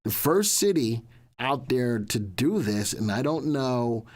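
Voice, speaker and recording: A man's voice: mid-range voice, big pitch swings, slow, a little mellow. A man hosting a live stock market show, chatty and repetitive, often restating lines as he talks through the news. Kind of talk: casual livestream market commentary.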